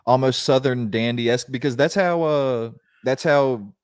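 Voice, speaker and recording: A man's voice: medium pitch, a little slow, smooth, no room sound. A man with a North Carolina accent, co-hosting a casual comedy podcast with loose, profane banter. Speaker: podcast co-host.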